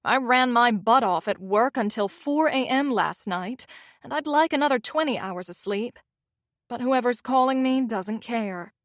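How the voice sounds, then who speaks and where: A young woman with a light Southern accent reads a first-person romance audiobook in a wry, self-mocking voice. Her pitch sits on the higher side, and the recording is dry and close. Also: expressive, unhurried, no echo. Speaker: audiobook narrator.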